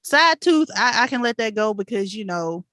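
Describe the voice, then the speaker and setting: A woman co-hosting a podcast, telling a story in an animated, chatty way with laughs and fillers. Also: fairly high pitch, moderate pace, no room sound, clean studio sound. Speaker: podcast co-host. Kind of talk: casual storytelling chat.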